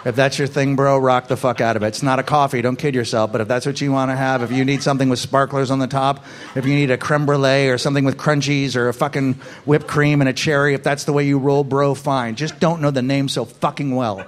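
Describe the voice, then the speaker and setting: A man doing a stand-up set, profane and ranting, building his bits up to shouted outbursts before a live audience. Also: medium pitch, flat delivery, fast. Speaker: stand-up comedian.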